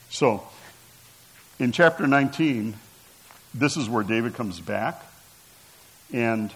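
In a low-quality recording, a man with a medium-pitched, gravelly, slightly rough voice preaches a conversational sermon. He reads scripture aloud and poses rhetorical questions to his listeners.

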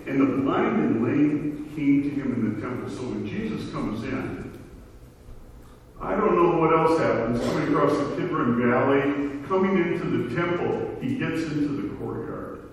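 A man's voice: a little high, lively intonation, measured pace. A man preaching a sermon, telling stories in a conversational way with asides. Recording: echoey hall from far off, faint noise.

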